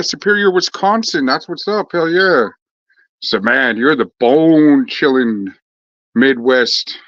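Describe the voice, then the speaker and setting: A man talks to his viewers in a loose, rambling chat, swearing freely and circling back with fillers and restarts. His voice sits at a middling pitch. The recording is dry and a little dull, like a lo-fi home setup. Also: a bit bright, no room sound. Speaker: vlogger chatting with viewers.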